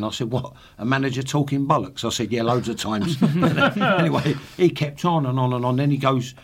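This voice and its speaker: A man's voice: medium pitch, brisk, few pauses. A man in his sixties, a podcast guest, telling swearing football anecdotes with laughs. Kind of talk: casual storytelling.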